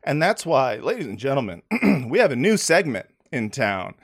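A man's voice: medium pitch, sing-song, normal speed, vocal fry, husky. A man hosting a comedy podcast, talking in a sarcastic, rambling way with many fillers. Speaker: podcast host. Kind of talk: casual comedic podcast chat.

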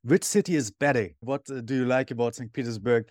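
A man hosting a podcast, asking friendly questions at a measured pace. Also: medium pitch, a little mellow, dry recording, studio quality. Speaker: podcast host. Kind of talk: interview hosting.

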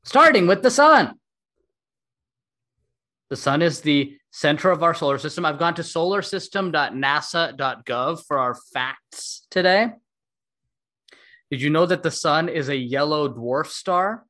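A man's voice: a little high, measured pace, bright, forceful tone. Brief: a talkative male host for a casual podcast, self-mocking and upbeat. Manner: chatty, self-deprecating, laughs often.

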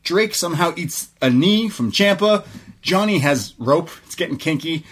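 A young man co-hosting a podcast, recapping a wrestling show in a casual, excited way, swearing freely and laughing often. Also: fairly high pitch, normal speed, breathy edge. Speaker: podcast co-host.

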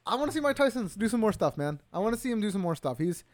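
A man's voice: high-pitched, very animated, very fast. A man co-hosting a podcast in casual chat, joking and swearing freely. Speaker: podcast co-host.

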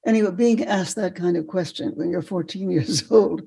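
An older woman, a podcast guest, telling animated stories and laughing often. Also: on the low side, moderate pace, gravelly. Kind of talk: storytelling in a podcast interview.

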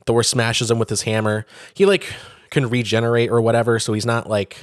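A man's voice: on the low side, fairly even intonation, fairly quick, no room sound, clean studio sound. A man co-hosting a podcast, chatting casually and retelling a story with profane, acted-out quotes. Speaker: podcast co-host. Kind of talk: casual chat.

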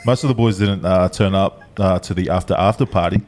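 A man, co-hosting a podcast and telling stories in a laid-back, halting way with many fillers. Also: deep voice, steady tone, darkish tone. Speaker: podcast co-host. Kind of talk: casual storytelling.

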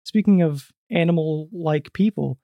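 A man hosting a casual podcast, joking quickly and a little out of breath, recording in a small booth. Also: fairly high pitch, gravelly, no echo, dull audio. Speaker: podcast host.

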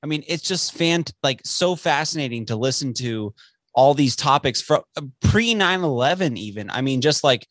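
A man's voice: mid-range voice, lively intonation, moderate pace, fairly bright tone, no echo, clean studio sound. A man in his twenties hosting a casual podcast chat, laid back and saying "dude" often. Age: 20s. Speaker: podcast host. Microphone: podcast mic.

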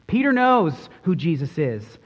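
A pastor preaching a sermon, earnest and emphatic, pressing hard on key words. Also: male voice, on the high side, big pitch swings, unhurried. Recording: dull sound with long hall reverb.

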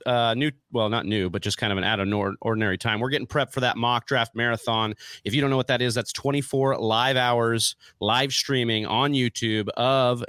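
A man's voice: medium pitch, fairly bright tone, no echo. A man co-hosting a casual sports podcast, chatty and upbeat, building hype as he talks to listeners on a close mic. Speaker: podcast co-host. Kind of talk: casual fantasy football podcast talk.

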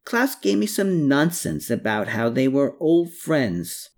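A woman's voice: rumbling low, big pitch swings, slow, a little mellow, voice pushed up, exaggerated voice. A narrator voicing a shrewd, watchful woman in an audiobook, guarded and probing. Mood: worried, secretive. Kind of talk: audiobook character voice.

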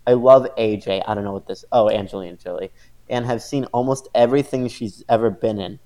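A man with a slightly low voice, co-hosting a loose podcast chat. He talks sarcastically and laughs often while reading out movie reviews. The talk is casual and unscripted. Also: warm tone. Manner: sarcastic, quick to laugh, reads reviews aloud. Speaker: podcast host.

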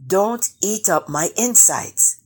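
A woman voicing a big male crocodile in a storybook reading, speaking lower and grumbling. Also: expressive, slow pace, a bit bright, slightly rough, exaggerated voice. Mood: pleading. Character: big scheming male crocodile, later scared.

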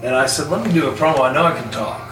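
A man's voice: on the high side, racing, recorded from a distance. A man telling a story on a talk show, casually and with a lot of swearing, acting out what others said. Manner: profane, animated storyteller acting out quotes. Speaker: podcast guest. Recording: roomy echo, off-mic, music bed.

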